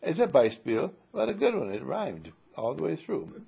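Gravelly man giving a spiritual talk. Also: on the high side, wildly swooping pitch, mellow, muffled recording. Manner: unhurried, posing rhetorical questions.

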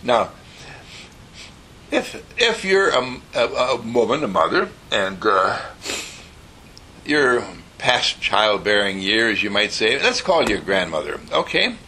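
A man giving an inspirational talk as an animated storyteller who acts out voices and laughs. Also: fairly low pitch, slow pace, slight background noise.

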